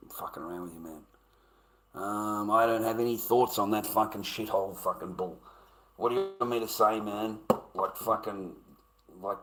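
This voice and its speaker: A man's voice: sits low, fairly bright tone, low-quality recording. An Australian man ranting casually to his livestream chat, blunt and swearing constantly.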